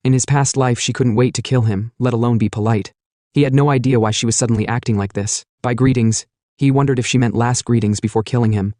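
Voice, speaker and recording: A man narrating a comic recap in a steady storytelling manner, reading the lines of the characters in his own voice. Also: mid-range voice, quick pace, dry recording, clean studio sound.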